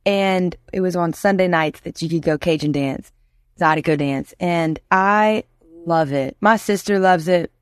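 A woman from Louisiana in her thirties, a musician guest in an interview, telling stories in a lively way and acting out the voices she quotes. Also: lowish voice, unhurried, clean tone, dry recording, clean studio sound. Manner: animated storyteller, acts out quoted voices. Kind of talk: casual interview chat.

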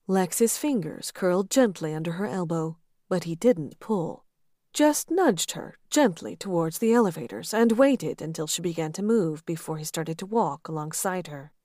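A woman reading a romance novel aloud in a steady, expressive narration. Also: fairly low pitch, moderate pace, no echo, studio quality. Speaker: audiobook narrator.

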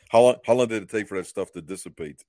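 A man's voice: fairly low pitch, warm tone, dry recording, studio quality. A man hosting a casual chat, laughing easily and giving short encouraging replies.

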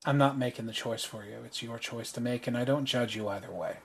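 A man with an everyday mid-pitched voice runs a tabletop game as its game master. He narrates the scene and drops low and quiet when he voices the characters. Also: fairly quick, slightly rough.

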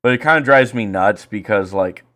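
A man co-hosting a casual podcast, talking in a profane, excitable way and breaking into loud rants. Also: lowish voice, moderate pace. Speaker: podcast co-host.

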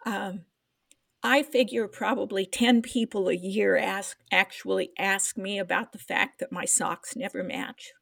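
Slow, gravelly older woman telling a story. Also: medium pitch, steady tone, a bit bright, no room sound. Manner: earnest, emotional, tries to hold back tears. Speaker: podcast co-host. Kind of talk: personal storytelling in casual chat.

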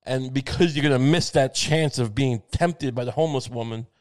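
A man's voice: mid-range voice, normal speed, darkish tone. A man with a mid-range voice riffs through a profane, meandering comedic monologue. He stumbles over restarts and slips into mock voices for quoted characters, keeping a loose, offhand podcast tone. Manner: rambling, profane, stammering restarts; acts out quoted voices in bits.

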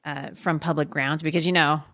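A woman's voice: low-pitched, steady tone, a little fast, fairly bright tone, no echo. A middle-aged woman hosting a podcast in a studio, chatting casually with fillers and frequent laughs. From Oregon. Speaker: podcast host. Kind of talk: casual chat. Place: recording studio.

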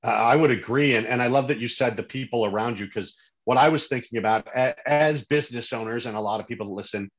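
A man's voice: medium pitch, fast talker. Host, male, mid-range everyday voice, agreeable and easy, steers with follow-up questions. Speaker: interview host. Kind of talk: conversational interview.

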